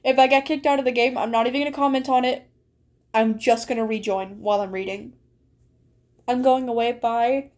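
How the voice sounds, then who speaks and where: A woman's voice: on the high side, fairly even intonation, brisk, darkish tone. A young woman streaming a game, chatting casually and reading story text aloud with frequent giggles. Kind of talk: casual live-stream chat while gaming and reading aloud.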